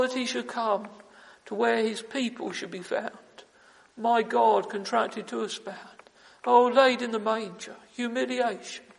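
Fervent high-voiced male preacher in a hall. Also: creaky. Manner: fervent, repetitive, with emphatic "oh" exclamations. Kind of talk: sermon. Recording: long reverb of a large hall.

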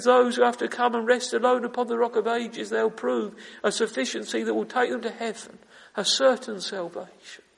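A man's voice: very high voice, vocal fry, a bit bright, long reverb tail, low-quality recording. A man preaching an evening sermon from the pulpit, fervent and full of biblical phrasing, calling his hearers "friends" again and again.

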